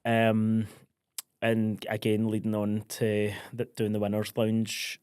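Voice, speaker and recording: A man's voice: on the low side, monotone, slow, darkish tone, slight background noise. A young Scottish man co-hosting a podcast in casual, jokey chat, acting out the exchanges he retells. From Scotland. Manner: chatty, jokey, acts out quoted exchanges. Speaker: podcast co-host.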